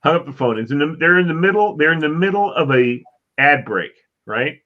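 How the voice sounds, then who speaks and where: A man co-hosting a casual talk show, telling an animated story and acting out the people in it. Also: on the high side, fairly quick, narrow, tinny audio. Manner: animated storyteller who acts out voices. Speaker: co-host.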